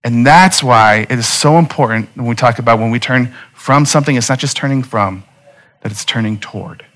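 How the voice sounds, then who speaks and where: A man in his thirties preaches a sermon in a mid-pitched voice. He speaks earnestly and conversationally and turns often to his listeners with direct appeals. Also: brisk, a bit bright. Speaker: pastor.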